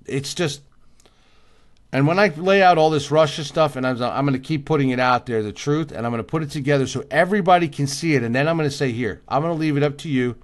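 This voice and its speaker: A man's voice: a little high, quick pace. A tired man hosting a casual livestream, answering viewer comments by name in an emphatic, repetitive way and yawning now and then. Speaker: livestream host.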